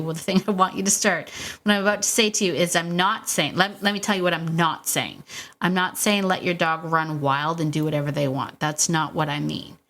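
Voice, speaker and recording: Encouraging woman host, fairly low voice. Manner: warm, encouraging, laughs often, repeats herself. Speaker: podcast host, dog trainer. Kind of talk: casual coaching monologue.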